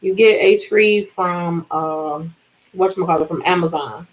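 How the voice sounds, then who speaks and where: A woman in her forties chatting casually with viewers on a live stream and telling animated stories. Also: on the low side, rough recording. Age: 40s. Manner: animated, chatty storytelling with drawn-out words. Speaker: livestream host.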